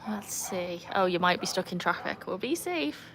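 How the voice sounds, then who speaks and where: A woman chatting casually on a livestream from beside a backyard pool, breaking into a high sing-song voice to praise her dog. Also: very animated, moderate pace, fairly bright tone. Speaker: livestream host and dog owner. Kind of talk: casual live chat. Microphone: phone.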